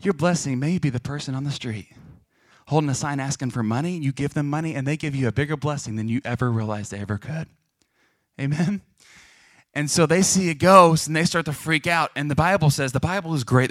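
A young man preaching a lively, joking sermon to a congregation, acting out the voices of people in his stories. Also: on the high side, no echo, studio quality. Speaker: pastor.

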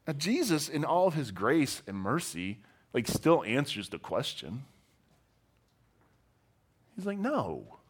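A pastor preaches a sermon in a casual, conversational way, telling stories with animation and acting out the voices of the people in them. His mid-range voice is husky and slow-paced, with frequent pauses.

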